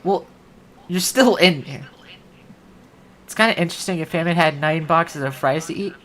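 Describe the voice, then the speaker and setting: A woman's voice: low voice, moderate pace, slight background noise. A woman hosting a livestream, chatting casually and rambling with many "like" fillers. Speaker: livestream host. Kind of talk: casual stream chat.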